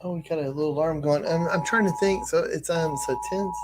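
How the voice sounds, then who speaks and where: A man hosting a casual live stream, thinking aloud in a halting way with many restarts. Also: fairly high pitch, background noise.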